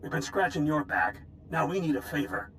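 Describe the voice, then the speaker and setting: A man voicing a gruff veteran army general in a video game, with a grizzled, old-sounding voice and clipped military orders. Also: a little high, big pitch swings, a little fast, a bit bright, a little hiss or hum. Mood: stern.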